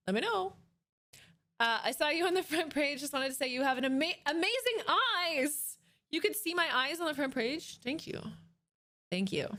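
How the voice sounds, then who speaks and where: A woman in her thirties talks straight into her desk microphone during a casual livestream. Her voice sits high, and she sounds excited and animated throughout, swearing freely as she chats. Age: 30s.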